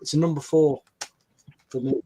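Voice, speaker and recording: Man telling a lively story. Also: fairly high pitch, normal speed, a little hiss or hum. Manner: animated storytelling with quoted dialogue. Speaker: podcast host. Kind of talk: casual podcast chat.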